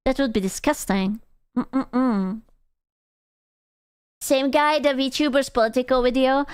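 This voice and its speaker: A woman's voice: high-pitched, unhurried, clear, resonant tone, dry recording, studio quality. A young adult woman streaming live, chatting casually with viewers in crude, teasing banter and bursts of playful squealing.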